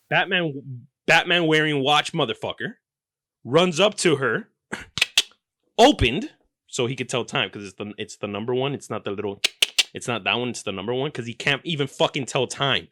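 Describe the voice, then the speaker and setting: Bright-voiced man ranting comically. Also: mid-range voice, animated, normal speed. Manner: profane, exaggerated ranting with sudden loud outbursts. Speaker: podcast host. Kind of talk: comedic storytelling monologue.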